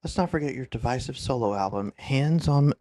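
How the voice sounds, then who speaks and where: A man's voice: mid-range voice, expressive, fairly quick, mellow, no room sound, close to an everyday voice. A man voicing a slick TV talk show host who talks in showy presenter patter.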